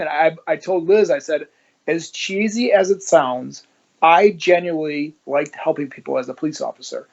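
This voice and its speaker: A man's voice: on the high side, lo-fi sound. A man who is a former police officer, telling his story in an interview and acting out the dialogue as he goes. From Ohio, United States. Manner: animated storyteller who acts out quoted dialogue.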